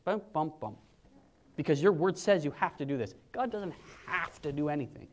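A man in his forties preaches a sermon with a fairly high voice. He talks in a lively, conversational way, dropping to a hush or rising sharply as he acts out what others say. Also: fairly quick. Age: 40s. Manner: animated, conversational preaching, acting out quotes in hushed and raised voices.

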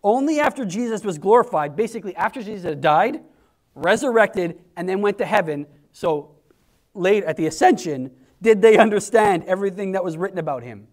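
A man preaching a conversational sermon, acting out quoted voices in an animated way. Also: high voice, brisk.

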